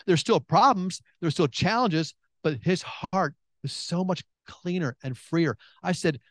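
A man in the pulpit, preaching in a loose, joking way. His voice sits fairly high, and he acts out prayers and reactions with big leaps up in pitch. The sound is close and dry. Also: brisk, no echo. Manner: chatty and joking, many restarts. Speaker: pastor. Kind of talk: sermon.

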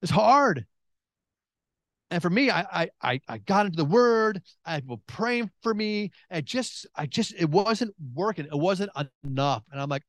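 A man in the pulpit, preaching in a loose, joking way. His voice sits fairly high, and he acts out prayers and reactions with big leaps up in pitch. The sound is close and dry. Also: animated, moderate pace, fairly bright tone, no echo. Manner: chatty and joking, many restarts. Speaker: pastor. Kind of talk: sermon.

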